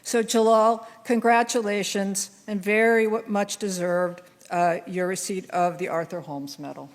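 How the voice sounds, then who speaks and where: A woman in her sixties presenting an award on stage, reading a formal tribute with frequent "uh" pauses. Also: mid-range voice, steady tone. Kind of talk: formal award citation speech. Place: large hall on stage. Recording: hall reverb.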